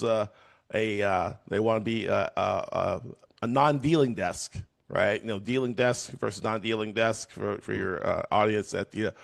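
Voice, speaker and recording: Middle-aged male guest, chatty storyteller, animated, loose and filler-heavy. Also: lowish voice, vocal fry. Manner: animated, acts out voices, many fillers. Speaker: guest, trading educator. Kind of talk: storytelling in an interview.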